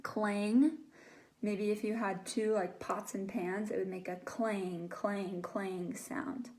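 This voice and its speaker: A woman's voice: mid-range voice, little pitch movement, darkish tone. A young woman teaching a live online English lesson, patiently explaining words and acting out the sounds they describe. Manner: slow, patient, demonstrates sounds aloud.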